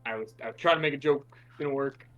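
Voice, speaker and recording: A man's voice: mid-range voice, fast talker, a bit bright, muffled recording, faint music behind. A man playing a tabletop role-playing game, talking hesitantly and playfully, with many restarts. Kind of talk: casual tabletop role-play chat.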